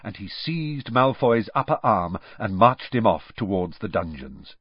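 A man narrating a storybook in an expressive, lively way. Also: lowish voice, measured pace, husky, no echo. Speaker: audiobook narrator. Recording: dull, dry close-mic recording.

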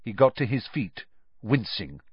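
A man narrating a storybook in an expressive, lively way. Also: medium pitch, measured pace, slightly rough, dry recording. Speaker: audiobook narrator. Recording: dull, dry close-mic recording.

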